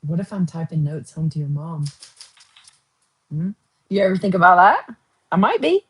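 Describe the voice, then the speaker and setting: Husky woman with a lowish voice, playful livestream host, joking and laughing. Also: sing-song, normal speed, poor audio. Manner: chatty, joking and teasing, often laughing. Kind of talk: casual livestream chat. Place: at home, painting her nails.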